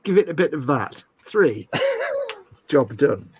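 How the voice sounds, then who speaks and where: A man's voice: a little high, wildly swooping pitch, takes it slowly, background noise. A British man co-hosting a casual live stream, joking and laughing often. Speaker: co-host.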